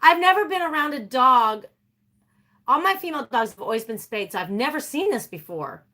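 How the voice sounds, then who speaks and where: A woman's voice: high voice, expressive, a little fast, bright, forceful tone. A woman chatting casually and animatedly with her livestream viewers, laughing often. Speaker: livestream host.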